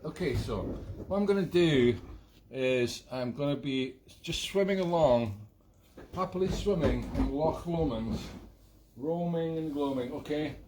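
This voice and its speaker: A man's voice: on the high side, animated, a little slow, slight background noise. Self-mocking Scottish man chatting. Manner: self-mocking, rambling asides. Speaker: accordion player hosting a live stream gig. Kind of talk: casual chat between songs. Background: loud accordion music.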